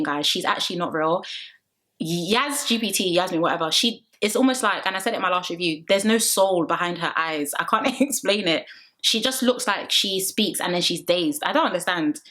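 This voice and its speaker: A woman's voice: on the low side, fairly bright tone. A young woman talking casually to her viewers, giving a chatty, dramatic run-down with teasing asides. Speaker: reality TV reviewer. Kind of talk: casual review chat to viewers.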